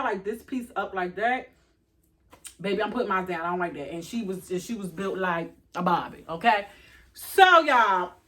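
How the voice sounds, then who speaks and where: Chatty woman vlogger, slightly high voice. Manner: animated, talks straight to viewers. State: tired and out of breath. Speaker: fashion haul vlogger. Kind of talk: casual chatty haul vlog.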